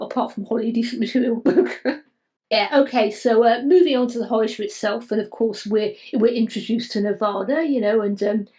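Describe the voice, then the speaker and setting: A woman co-hosting a casual podcast discussion, talking haltingly with many restarts and repeated fillers. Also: medium pitch, darkish tone, rough recording. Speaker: podcast co-host.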